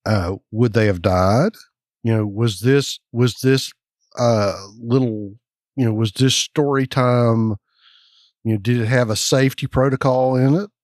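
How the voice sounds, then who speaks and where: A man's voice: medium pitch, steady tone, a little slow, darkish tone, dry recording, clean studio sound. A man co-hosting a casual podcast, speculating and musing aloud. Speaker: podcast co-host.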